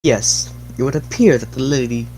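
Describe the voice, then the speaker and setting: A woman's voice: extremely low pitch, normal speed, warm tone, slight background noise, rough recording. A woman voicing a police detective who interprets for a witness, relaying testimony in a matter-of-fact way in a casual fan reading. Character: dry male police detective acting as interpreter.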